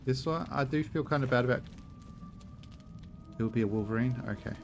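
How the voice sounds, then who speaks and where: A man's voice: medium pitch, fairly quick, soft background music. A man giving casual, rambling commentary while playing a game, muttering to himself and making little sound-effect noises. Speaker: streamer.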